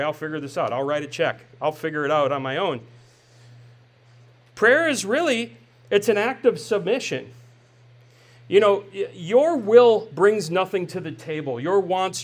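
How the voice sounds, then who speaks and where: A man in his forties delivers a sermon with a notably high voice. He keeps it conversational, tossing rhetorical questions at the congregation and tagging lines with "right?". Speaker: pastor.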